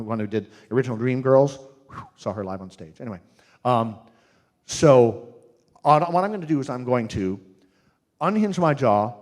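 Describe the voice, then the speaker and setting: At a live workshop, a man with a medium-pitched voice teaches singing to an audience, humorous and animated, demonstrating the sounds with his own voice.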